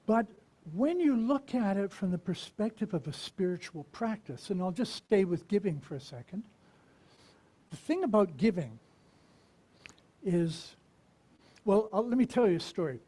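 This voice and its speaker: A minister giving a conversational sermon, asking the congregation questions and pausing to reflect. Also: medium pitch, lively intonation, dark tone. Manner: unhurried and reflective, with pauses.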